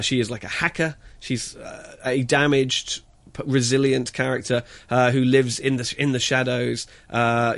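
A man reviewing a film in casual radio chat, halting and stumbling as he searches for words. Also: mid-range voice, a bit bright. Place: radio studio.

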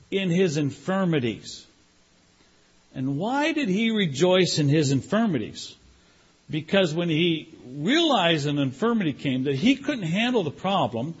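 An older man preaching a sermon as pastor, animated, acting out prayers and pleas in different voices. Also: high-pitched, slightly rough, lo-fi sound.

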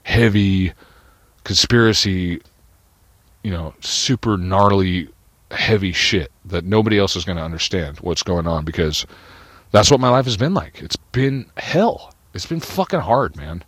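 A man's voice: sits low, animated, unhurried, a bit bright, dry recording. A man rambling through an agitated, profane, paranoid personal monologue.

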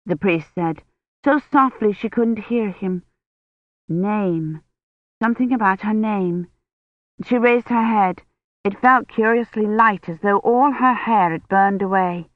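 An audiobook narrator reading a novel in a slow, measured way. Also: medium pitch, no room sound. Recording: dry tinny phone-like audio.

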